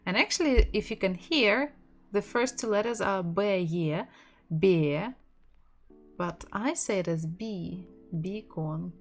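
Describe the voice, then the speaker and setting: Slow-speaking Russian-accented woman teacher. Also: mid-range voice, faint music behind. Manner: patient, repeats words slowly for practice. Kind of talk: online language lesson, slow drilled pronunciation.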